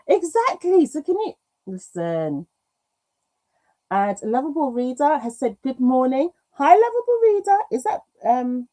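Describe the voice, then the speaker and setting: A British woman hosting a craft livestream, chatting casually and reading comments aloud, self-mocking and quick to laugh, with an occasional cough. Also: medium pitch, mellow. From United Kingdom. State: coughing now and then.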